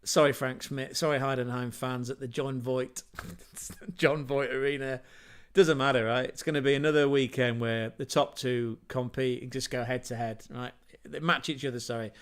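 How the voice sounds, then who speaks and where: Bloke rambling about football on a livestream, mid-pitched, chatty, jokes at himself. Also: male voice, fairly even intonation, moderate pace, smooth. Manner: chatty, rambling, self-mocking asides. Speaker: football podcast host. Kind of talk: casual livestream football talk.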